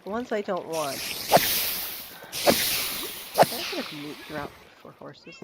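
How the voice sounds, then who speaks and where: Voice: medium pitch, lively intonation, takes it slowly, creaky. A streamer from Canada giving casual gameplay commentary, rambling and giggling while thinking aloud. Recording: loud constant background noise.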